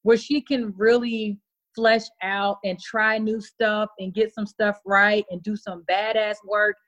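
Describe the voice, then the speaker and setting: Podcast guest: woman, casual and lively, acts out quotes. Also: mid-range voice, measured pace, muffled recording. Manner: animated, laughing, plays out reactions in voices. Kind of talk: casual conversation.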